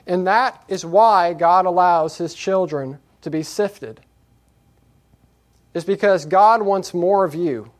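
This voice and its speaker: A man preaching a sermon, moving from quiet reflection to raised, emphatic scripture reading. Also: high voice. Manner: earnest, repetitive exhortation.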